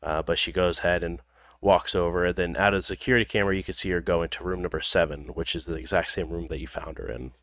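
A man narrating a tabletop role-playing game as game master, in a loose, relaxed delivery full of ums and pauses. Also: low voice, no room sound. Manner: loose, filler-heavy narration with frequent ums.

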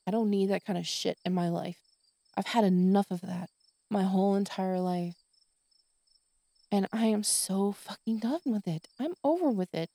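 A woman's voice: mid-range voice, normal speed, mellow, no room sound. A woman hosting her own podcast, venting in a tired, exasperated monologue full of swearing. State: exhausted. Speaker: podcast host.

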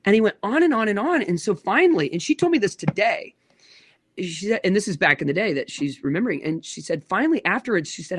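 A man's voice: high-pitched, quick pace, dry recording, clean studio sound. A man in his thirties, a pastor, telling stories in a casual interview with lots of restarts and acted-out quotes. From United States. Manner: animated storyteller with many restarts and acted quotes.

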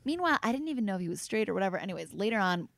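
Woman guest, casual podcast chat, gravelly edge, dry close sound. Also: racing, no room sound. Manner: animated, chatty, swoops up in pitch.

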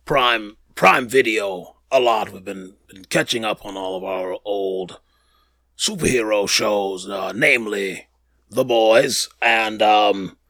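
A man's voice: fairly low pitch, slow, fairly bright tone, no echo. A man hosting a casual podcast, rambling and slangy, with many fillers and restarts. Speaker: podcast host. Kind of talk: casual chat.

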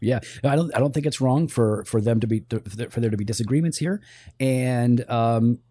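A man co-hosting a church talk show, answering listener questions in a casual discussion, animated and thinking aloud with restarts. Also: medium pitch, fairly quick, breathy edge.

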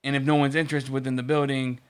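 A man's voice: medium pitch, little pitch movement, fast, clean tone. A man in casual chat, telling a long story about work with lots of restarts and swearing. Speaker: podcast co-host.

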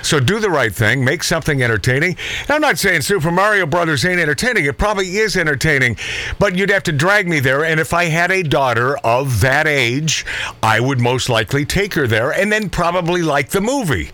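Rambling, animated talk radio host. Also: male voice, a little high, a little fast, no echo. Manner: rambling, joking, laughs often. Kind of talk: casual talk radio banter.

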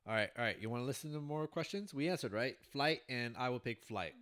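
A young man co-hosting a podcast in relaxed, casual chat. He is teasing and laid-back, and quick to laugh. His voice is mid-pitched and lively, moving up and down a lot. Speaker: podcast co-host.

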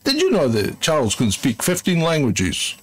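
A man's voice: a little high, wildly swooping pitch, normal speed, slight background noise. A British man hosting a casual live commentary stream, sardonic and grumbling, laughing often. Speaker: stream host.

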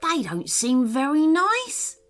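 A woman's voice: high voice, wildly swooping pitch, slow pace, faint music behind, pitched above the performer's own voice, exaggerated voice. A woman voicing a tall, shy male garden gnome who feels out of place. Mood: gentle.

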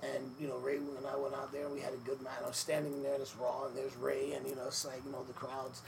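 A man with a gravelly, mid-pitched voice tells a long story as a guest in an interview. He talks easily, fills pauses with "you know" and acts out what others said. There is steady background noise under him. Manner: relaxed storyteller, many fillers, acts out quotes. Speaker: podcast guest, former wrestler. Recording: noisy room ambience.

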